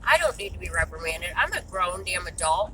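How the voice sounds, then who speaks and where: A woman's voice: fairly low pitch, sing-song, fairly quick, sharp tone, a little hiss or hum, low-quality recording. A woman, venting to camera in a blunt, exasperated way and swearing freely. She sounds frustrated. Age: 30s. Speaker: vlogger and mother.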